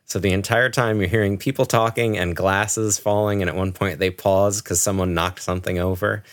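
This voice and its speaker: Deep-voiced man sharing movie trivia. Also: fairly even intonation, normal speed. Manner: shares trivia in long, winding stretches. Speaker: podcast co-host. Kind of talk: casual chat.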